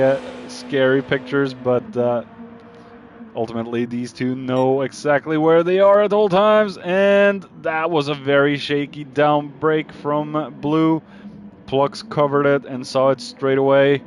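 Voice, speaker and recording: A man giving live commentary on a sim racing league, calling overtakes and getting excited, even shouting warnings at drivers. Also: on the high side, measured pace, a little hiss or hum.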